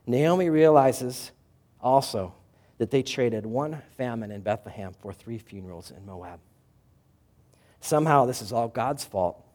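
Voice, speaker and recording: Man preaching with dramatic swings. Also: medium pitch. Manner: dramatic storytelling, swinging between loud and soft. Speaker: pastor. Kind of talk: sermon.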